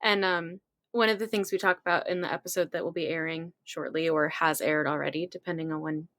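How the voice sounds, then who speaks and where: A woman's voice: sits low, steady tone, fairly quick, a bit bright, no room sound. A woman acting as a guest co-host, speaking sincerely in a casual interview.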